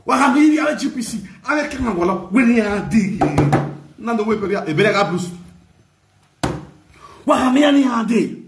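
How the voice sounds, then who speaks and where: A Nigerian man with a loud, mocking manner, ranting in a gossip vlog with bursts of shouting and laughter. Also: extremely high pitch, animated, moderate pace, long pauses, roomy sound, heavy background noise. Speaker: gossip vlogger.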